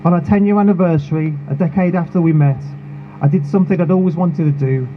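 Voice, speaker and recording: Earnest man giving a rally speech. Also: a little high. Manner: earnest, measured and emotional. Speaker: charity founder speaking at a protest. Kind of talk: prepared speech at an outdoor rally. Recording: phone-like sound with clear street noise.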